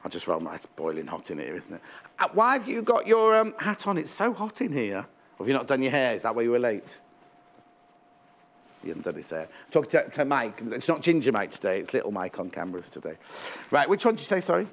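A man's voice: mid-range voice, wildly swooping pitch, fairly quick. A man presenting a live shopping show, chatting in a bubbly way about the items on show into a clip-on microphone in a TV studio. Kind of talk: live TV sales chat.

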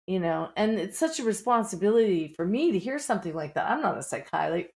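A woman's voice: lowish voice, expressive, normal speed, darkish tone. A middle-aged woman with a Pittsburgh accent, an author talking candidly in a podcast interview, full of "you know" fillers. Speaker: author guest.

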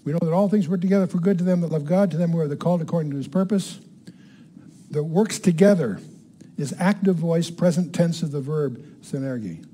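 An older man leads a Bible teaching in front of a live audience. His voice sits a little high but has a mellow, relaxed tone. He stresses words by repeating them and keeps checking in with questions to the room. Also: fairly quick.

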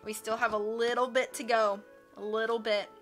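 A woman reading a book aloud on a live stream, with expressive narration and casual asides to her chat. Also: a little high, normal speed, faint music behind.

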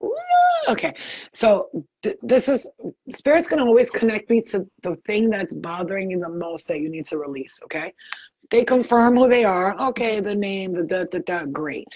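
A woman psychic medium giving a live online reading over a video call, talking in a rapid, chatty and blunt way and swearing freely. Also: mid-range voice, lively intonation, a little mellow, husky, no echo, muffled recording.

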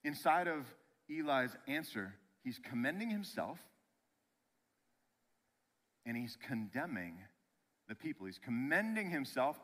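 Bright-voiced man preaching a lively sermon. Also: mid-range voice, a little slow, long pauses. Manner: animated, conversational preaching with frequent "right?" asides and restarts. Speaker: pastor.

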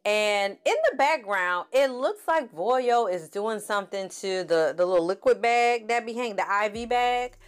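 A woman's voice: medium pitch, normal speed, few pauses, clean tone. A woman giving a sassy, chatty recap of a TV series and acting out the characters' lines as she goes. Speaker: TV series reviewer. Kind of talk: casual recap commentary.

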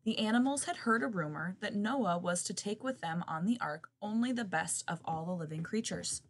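A woman reading a children's picture book aloud in an expressive, lively way. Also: medium pitch, moderate pace.

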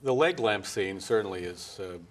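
A man interviewing guests about a film, asking measured, gently prompting questions. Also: lowish voice, expressive, slight background noise.

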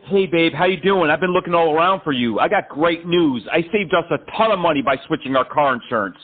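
Brief: man, prank caller, flirty teasing, higher voice, tinny phone line. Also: fast. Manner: mock romantic, teasing. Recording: thin phone-line sound.

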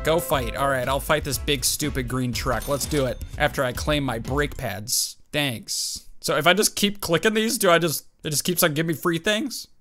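Gamer guy doing let's play commentary, kinda high voice, bouncy and excitable, yelling at the game, music going behind him. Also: moderate pace, hardly any pauses. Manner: excitable, talks to the game and himself, jumpy outbursts. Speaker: gaming YouTuber. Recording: game music playing under the voice.

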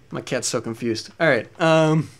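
A man's voice: on the high side, a bit bright. A young man casually commenting over gameplay at home, rambling, self-mocking and swearing often. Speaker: let's play host. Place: at home with a cat.

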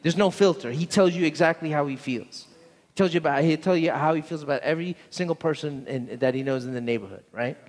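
A man's voice: fairly high pitch, fast, long reverb tail. A man pastor preaching a sermon, telling a story earnestly and often repeating words, in a church sanctuary.

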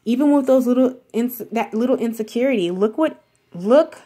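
Higher-voiced woman giving a rambling tarot reading. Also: animated, normal speed, mellow, slightly rough. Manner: rambling, repetitive, heavy on filler words; addresses viewer directly and reassuringly. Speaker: tarot reader.

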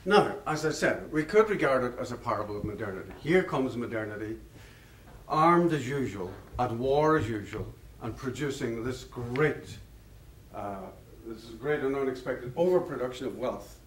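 A male lecturer telling stories in a rambling, anecdotal manner and chuckling now and then. His voice sits at an ordinary middle pitch and sounds distant, picked up far from the mic in a roomy hall with a faint hum of ambience behind. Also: lively intonation, moderate pace. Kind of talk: public lecture with storytelling.

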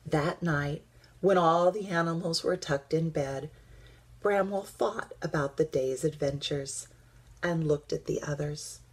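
A woman, a teacher, reading a children's picture book aloud, gentle and slipping into soft whispers. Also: sits low, unhurried, husky.

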